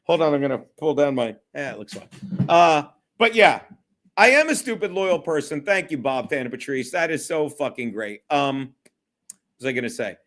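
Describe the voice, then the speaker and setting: A man's voice: medium pitch, lively intonation, normal speed. A man hosting a casual solo livestream, rambling, swearing a lot and laughing often. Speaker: livestream host.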